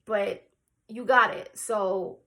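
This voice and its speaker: A woman's voice: mid-range voice, fairly even intonation, slow pace, sharp tone. Woman vlogger telling a raw personal story. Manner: raw, emotional and blunt, with casual swearing.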